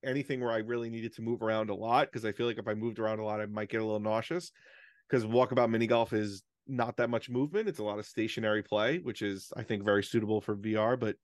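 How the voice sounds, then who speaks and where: A man's voice: fairly low pitch, fast talker, no echo, clean studio sound. A man co-hosting a podcast in casual chat, telling stories in a swearing, self-deprecating ramble. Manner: profane, animated storytelling with self-deprecating rants. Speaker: podcast co-host.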